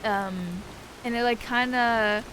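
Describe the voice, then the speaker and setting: A woman's voice: fairly high pitch, slow pace, a bit bright, slight background noise, rough recording. A young woman streamer telling a rambling, profane story in casual chat, often laughing. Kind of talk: casual chat while gaming.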